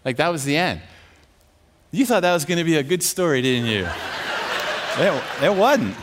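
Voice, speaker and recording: Man preacher, fairly high voice, lively self-mocking storyteller who laughs a lot. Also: normal speed, noisy background. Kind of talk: storytelling sermon.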